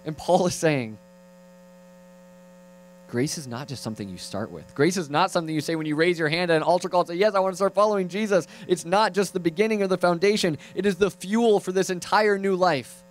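Animated young male preacher. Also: high voice, brisk, low-quality recording. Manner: animated, swings from loud to hushed, playful asides. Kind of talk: sermon.

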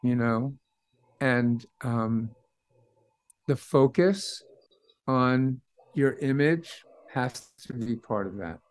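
A man, a vocal coach, chatting as a guest over a video call, enthusiastic and animated. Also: mid-range voice, drawn-out words, pauses often, rough recording. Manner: enthusiastic, animated, bursts into playful line readings. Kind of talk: casual interview chat.

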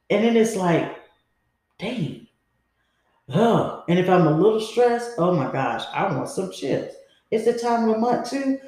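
A woman's voice: on the low side, a little mellow. A woman hosting a podcast, telling a personal story in a candid, rambling, conversational way. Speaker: podcast host. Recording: very echoey room.

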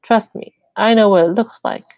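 Woman voicing a sing-song churchgoing mom, slow and drawn out, firm, dry muffled audio. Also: mid-range voice, darkish tone, no echo, pitched above the performer's own voice, close to an everyday voice. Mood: knowing, firm.

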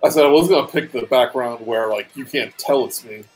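A man casually playing his character in a tabletop game, relaxed and joking. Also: medium pitch, a little fast. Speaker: player.

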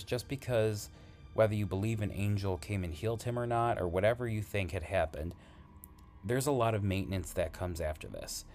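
A man who works as an emergency responder, earnestly retelling a frightening call in halting, conversational storytelling. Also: on the low side, a little mellow. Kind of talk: spoken storytelling.

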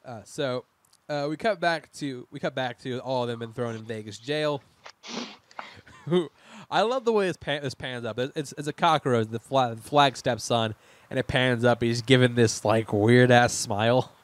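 A man's voice: mid-range voice, normal speed, no room sound. A man in casual podcast chat, recapping a TV miniseries scene by scene, rambling and laughing with frequent restarts. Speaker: podcast co-host.

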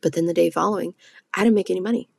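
A blunt woman talks straight to her listeners in a casual solo podcast, swearing freely and tagging "okay?" onto her points. Her voice sits low with a gravelly edge. The sound is close and dry. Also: fairly even intonation, very fast, a little mellow, no room sound. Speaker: podcast host and med spa owner.

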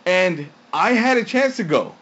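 A man's voice: high-pitched, expressive, a little slow, a bit bright, slightly rough. A man co-hosting a casual podcast, telling stories and acting out quotes with frequent laughs. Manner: chatty storyteller, laughs often, acts out quotes. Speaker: podcast co-host. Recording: dull lo-fi sound.

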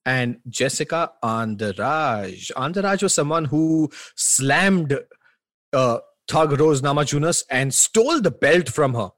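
A man's voice: on the high side, expressive, takes it slowly, fairly bright tone, dry recording, studio quality. A man co-hosting a sports podcast, joking with his co-host and sometimes announcing like a ring emcee. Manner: announcer-like, teasing. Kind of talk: casual sports chat.

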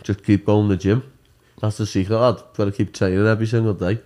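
Young man, Liverpool accent, deep low voice, blunt laddish banter; casual guest chat. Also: flat delivery, fast, warm tone, a little hiss or hum. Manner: blunt, laddish, says "lad" often. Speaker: MMA fighter, guest.

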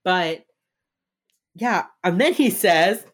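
A young woman with a low voice that swings widely in pitch as she recaps an episode. She chats casually and slips into quick impressions of the characters while she retells scenes. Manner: animated, acts out characters' lines while retelling. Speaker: podcast co-host recapping a TV episode. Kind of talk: casual chat.

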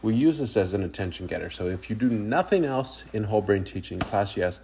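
Low-voiced teacher musing casually. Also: male voice, expressive, a little fast, a little mellow, a little hiss or hum. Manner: rambling, with many fillers. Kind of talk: casual solo podcast about teaching.

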